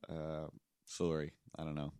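A man's voice: extremely low pitch, monotone, measured pace, warm tone, clear, resonant tone, dry recording. A man co-hosting a podcast, rambling through a nervous, self-deprecating anecdote and acting out the other people in it. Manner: rambling, self-deprecating, acts out voices in stories. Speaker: podcast co-host. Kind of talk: casual chat, storytelling.

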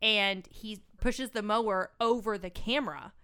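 A woman's voice: medium pitch, measured pace, sharp tone, smooth. A woman co-hosting a casual film podcast, recapping the plot in a chatty way with lots of asides. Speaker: podcast co-host.

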